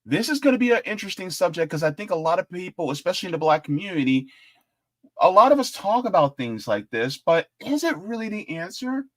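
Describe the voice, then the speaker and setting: A man hosting a live-stream politics show, chatting casually, animated and jokey as he reads out the chat. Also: high voice, brisk.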